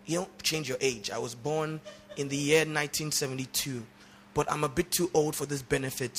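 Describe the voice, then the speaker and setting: A man's voice: a little high, fairly even intonation, moderate pace, fairly bright tone, slight background noise. A man preaching a sermon in church, calling out to the congregation and urging them to repeat his words. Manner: emphatic call-and-response preaching. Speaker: pastor.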